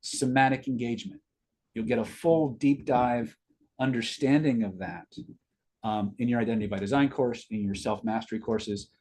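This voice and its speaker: A middle-aged man talks casually on a live stream, answering viewers and drifting into a personal story. His voice is husky, at an average pitch for a man. He often restarts and repeats words as his thoughts catch up. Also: moderate pace. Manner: rambling, repeats words, rising excitement in story.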